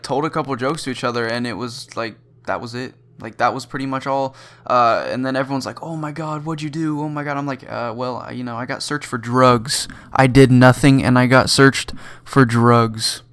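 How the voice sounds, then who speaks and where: A teenage boy vlogger telling a story from school in a rambling, casual way, full of fillers and the occasional panicked, high-pitched reenactment. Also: fairly bright tone. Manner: acts out his own panicked reactions in sudden high bursts. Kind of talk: storytime vlog.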